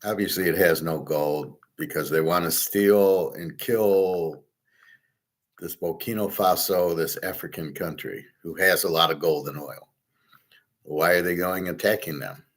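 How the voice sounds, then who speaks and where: A man's voice: low voice, unhurried, a bit bright. A man hosting his own commentary show, ranting in an indignant, profane monologue. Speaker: host of a betting and gold commentary show. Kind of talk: opinion monologue.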